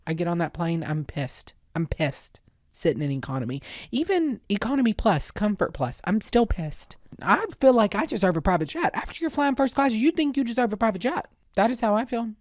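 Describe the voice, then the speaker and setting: A woman's voice: mid-range voice, very animated, brisk, darkish tone, dry recording, clean studio sound. A woman podcast host delivering a casual, sassy comedic monologue with exaggerated rants.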